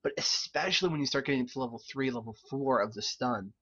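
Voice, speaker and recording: A young man giving casual, animated live-stream commentary on game replays, swearing, laughing and throwing in quick asides. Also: mid-range voice, husky, muffled recording. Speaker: game caster reviewing replays.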